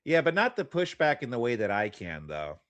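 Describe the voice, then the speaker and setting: Man, streamer, sarcastic, mocking, animated pitch. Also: brisk, dry recording. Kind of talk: casual chat.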